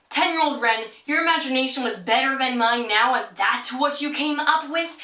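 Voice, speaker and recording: Young woman, high bright voice, rambling playful vlog chatter, roomy echo, mic set back. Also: far from the mic. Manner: rambling, giggly and playfully sarcastic. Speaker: vlogger. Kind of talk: casual chat to camera.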